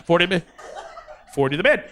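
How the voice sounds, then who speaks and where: A man playing a scatterbrained young male auctioneer who rattles off bids in a rapid chant and drifts into rambling nonsense. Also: high-pitched, very animated, background noise.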